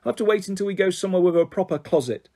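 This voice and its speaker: A man playing a prim, well-bred young girl who pleads anxiously, husky-voiced. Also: high-pitched, rapid-fire, dark tone.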